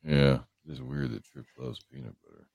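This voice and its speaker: Livestream host, male, very low gravelly voice, dark tone, rambling and joking with chat. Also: big pitch swings, moderate pace, no echo. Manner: rambling, joking, greets viewers by name. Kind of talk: casual chat with viewers. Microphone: headphones on a livestream setup.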